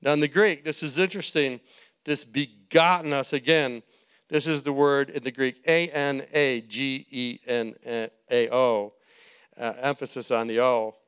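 A man's voice: mid-range voice, fairly even intonation, moderate pace, smooth. A man preaching a sermon as pastor, moving from easy conversational teaching to fervent, rising exhortation. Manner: conversational preaching that builds to impassioned shouting. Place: church sanctuary.

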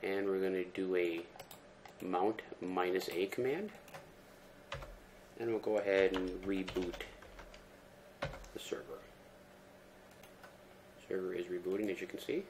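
A man giving a relaxed, step-by-step screen-recorded tech tutorial, talking through each command with fillers. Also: low voice, moderate pace, pauses often, slight background noise. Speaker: tutorial presenter.

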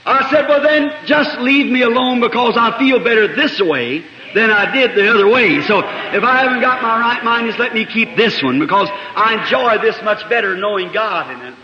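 A man preaching a sermon, telling a personal story with passion, moving between quiet asides and sudden shouts. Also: high voice, animated, moderate pace, a little hiss or hum. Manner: impassioned, swings between soft asides and shouts. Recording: dull lo-fi 1960s tape in an echoey hall.

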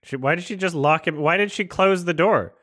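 A man's voice: a little high, fairly quick, fairly bright tone, no room sound, studio quality. A man casually commenting on a movie as he watches it, rambling, swearing and incredulous. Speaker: host reacting to a film.

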